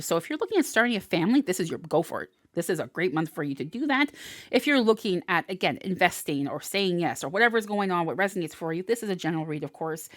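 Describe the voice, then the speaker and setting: A woman gives a casual tarot reading to her viewers from home, chatty and encouraging, and she often repeats her key words. Her voice sits fairly low. The recording is dry and close, with almost no room sound. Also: dry recording. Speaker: tarot reader and channel host.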